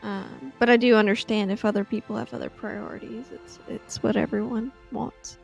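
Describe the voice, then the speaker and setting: A woman player in a tabletop game who speaks hesitantly, with frequent pauses and fillers. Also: medium pitch, fairly even intonation, gravelly, darkish tone, soft background music.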